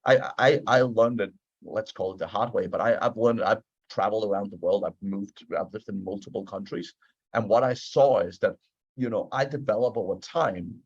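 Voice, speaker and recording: A man's voice: fairly low pitch, creaky, slightly rough, no room sound, highs cut off. A man, a management consultant, explaining his ideas in a casual interview, earnest and often repeating words as he starts a thought.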